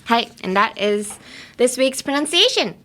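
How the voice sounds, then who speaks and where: A woman's voice: a little high, big pitch swings, unhurried, a bit bright. A woman giving a casual podcast pronunciation lesson, chatty and giggly, switching between English and Japanese. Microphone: talking into a camera.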